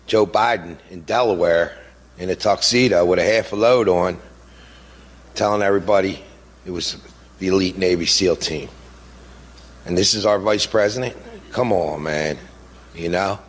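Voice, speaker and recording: A man's voice: deep voice, normal speed, long pauses. Blunt middle-aged man in a reverberant hall. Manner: blunt, emotional, plain-spoken with rhetorical questions. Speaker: bereaved father giving a speech. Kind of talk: impassioned public speech.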